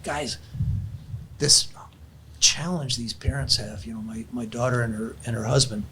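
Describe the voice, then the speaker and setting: A man's voice: mid-range voice, measured pace, sharp tone, breathy edge. An older man, a grandfather and podcast guest, telling a heartfelt family story in an earnest, conversational way and closing in prayer.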